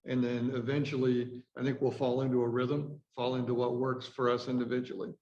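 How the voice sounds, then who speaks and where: A man taking part in a training call, answering hesitantly with many pauses and fillers. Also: mid-range voice, monotone, darkish tone. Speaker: training participant. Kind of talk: casual discussion. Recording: muffled echoey call with faint noise.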